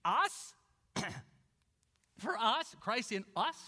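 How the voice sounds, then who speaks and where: A man preaching a sermon as pastor, enthusiastic, swinging between loud exclamations and quiet, low asides. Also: lively intonation, moderate pace. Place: church sanctuary. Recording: reverberant hall.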